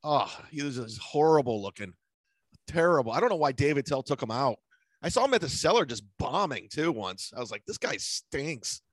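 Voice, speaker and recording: A man's voice: medium pitch, sing-song, fairly quick, no room sound. A man hosting a casual comedy podcast, telling stories bluntly with lots of swearing and mocking impressions of people. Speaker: podcast host.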